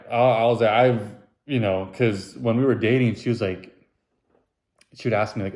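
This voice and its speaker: A man's voice: normal speed, a little mellow. Rambling, self-mocking podcast guy. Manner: puts on silly high voices when quoting. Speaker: podcast host. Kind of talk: casual solo podcast monologue.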